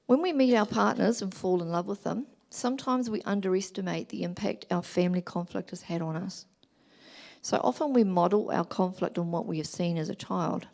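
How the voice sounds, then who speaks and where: Middle-aged New woman, speaker at a church family weekend, lower register, gravelly edge. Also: a little fast. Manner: gentle, explanatory, acts out examples in quoted voices. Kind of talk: talk.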